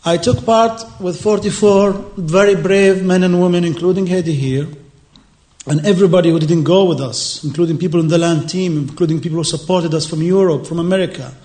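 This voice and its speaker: Earnest man, fairly high voice. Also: steady tone, warm tone. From Palestine. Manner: earnest, emotional, halting with repeated phrases. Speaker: activist speaker. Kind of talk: public speech on a panel.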